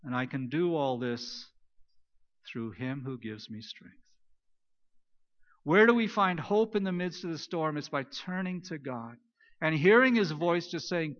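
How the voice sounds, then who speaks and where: A pastor preaching a sermon, retelling stories and moving between loud emphasis and soft, hushed lines. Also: male voice, on the high side, lively intonation, takes it slowly, long pauses. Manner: storytelling, swings between loud emphasis and near-whispered quiet. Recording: dull lo-fi recording.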